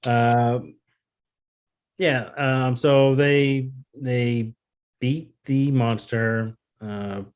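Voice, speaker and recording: Man, podcast co-host, relaxed recap, mid pitch, uh and um fillers. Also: drawn-out words, clear, resonant tone. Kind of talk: casual chat.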